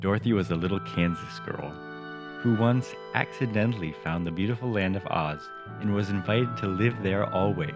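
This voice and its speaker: Deep-voiced man reading a story wryly. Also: moderate pace, dull audio, music in the background. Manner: wry and playful, teasing the text. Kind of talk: reading a children's story aloud with jokey asides.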